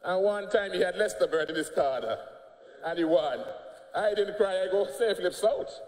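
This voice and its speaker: A man's voice: high voice, moderate pace, a little mellow. Combative Antiguan man in an echoey chamber. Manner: combative, mocking, laughing jabs. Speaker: politician speaking in parliament. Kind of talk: parliamentary speech. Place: parliament chamber. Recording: echoey chamber, long reverb.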